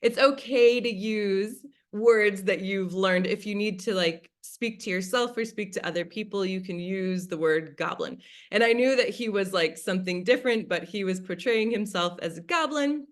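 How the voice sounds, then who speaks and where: A woman's voice: medium pitch, normal speed, few pauses. A woman facilitator teaching in a casual, chatty way, often acting out her own past thoughts as quoted asides. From United States. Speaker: class facilitator.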